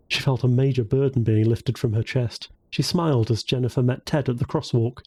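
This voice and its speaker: This is a man narrating a novel for an audiobook. His reading is calm and measured. The voice has a mellow, dark tone with a husky edge. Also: medium pitch, no room sound. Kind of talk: scripted narration.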